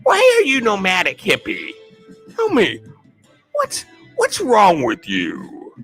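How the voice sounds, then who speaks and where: A man's voice: high-pitched, wildly swooping pitch, takes it slowly, fairly bright tone, husky, soft background music, full character voice. A man doing an impression of a fussy, nosy male celebrity interviewer with a squealing, theatrical manner.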